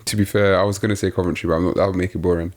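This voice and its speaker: A man's voice: low-pitched, steady tone, racing. A young man co-hosting a football podcast, blunt and teasing, swearing freely in casual chat. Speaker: podcast co-host.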